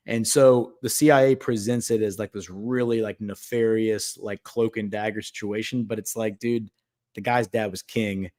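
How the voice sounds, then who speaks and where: A man's voice: lowish voice, fairly even intonation, unhurried, a little mellow. A man hosting a casual talk show, telling a long story full of fillers and acted-out quotes. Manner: rambling, filler-heavy, acts out quotes. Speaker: podcast host.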